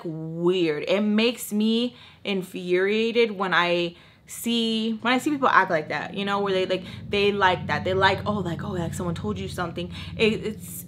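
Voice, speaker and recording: A young woman telling a storytime on her vlog in a casual, sassy way, acting out what others said to her. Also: mid-range voice. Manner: sassy, animated, acts out quoted dialogue. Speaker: beauty vlogger.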